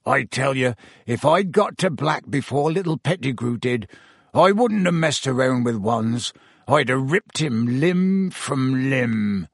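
A man voicing a huge, gruff male gamekeeper with a rough, growling, rustic way of talking. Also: fairly high pitch, animated, measured pace, a bit bright, no room sound, clean studio sound, exaggerated voice.

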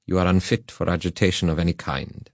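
A man voicing a grave, kindly middle-aged magistrate in a measured, formal manner in an audiobook reading. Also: sits low, steady tone, dry recording, studio quality.

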